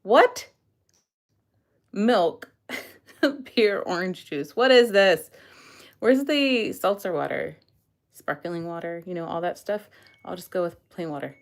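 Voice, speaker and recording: A woman's voice: lowish voice, lively intonation, slow pace, long pauses. A young woman vlogger reading an online quiz aloud in casual chat, giggling often. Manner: giggly, breaks into frequent laughter.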